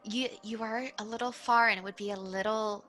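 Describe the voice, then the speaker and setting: A woman narrating as dungeon master of a tabletop game, chatty and quick to laugh. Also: on the high side, steady tone, pushed and bright.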